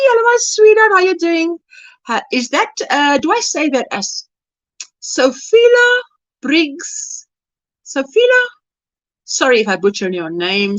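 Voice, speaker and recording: A South African woman hosting a casual crochet livestream, warmly greeting viewers by name. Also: fairly high pitch, no echo.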